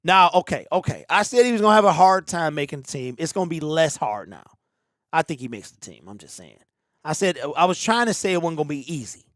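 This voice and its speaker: A fairly high-voiced man hosts a live football watch party from a home streaming setup, calling the plays and bantering with his chat. His sound is close and dry, and he flares into exasperated outbursts when plays go wrong. He is from the Detroit area. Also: expressive, fast, a bit bright, no room sound.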